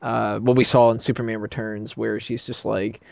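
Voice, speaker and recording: A man's voice: on the low side, little pitch movement, normal speed, gravelly, a little hiss or hum. A man chatting casually on a roundtable podcast, rambling with lots of fillers and laughing often. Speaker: podcast panelist. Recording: dull lo-fi mic, dry.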